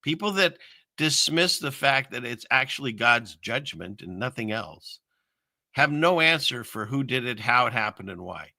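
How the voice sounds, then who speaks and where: A man hosting a casual livestream, rambling and chuckling through viewer comments with lots of filler words and trailing pauses. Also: mid-range voice, big pitch swings, gravelly, pushed and bright, dry recording, studio quality. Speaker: livestream host reading viewer chat. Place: home setup in the Seattle area.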